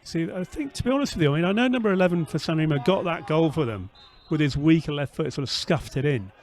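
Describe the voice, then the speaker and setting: A man with a slightly higher voice calls the action live from an outdoor football ground. He is good-humoured and quick to laugh at himself. He narrates the play in brisk bursts. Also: lively intonation, darkish tone. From England. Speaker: podcast co-host. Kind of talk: casual live match commentary.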